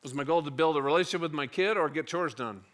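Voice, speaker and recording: Animated middle-aged man telling a church story. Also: a little high, quick pace. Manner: animated, acts out dialogue with wide swings in loudness. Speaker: church speaker.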